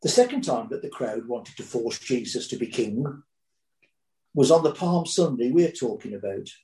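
A man's voice: mid-range voice, expressive, moderate pace, warm tone, echoey room, low-quality recording. A man preaching a sermon, telling the story dramatically with rising and falling intensity.

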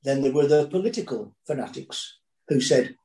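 A man's voice: mid-range voice, animated, normal speed, dark tone, reverberant, low-quality recording. A man preaching a sermon, telling the story dramatically with rising and falling intensity.

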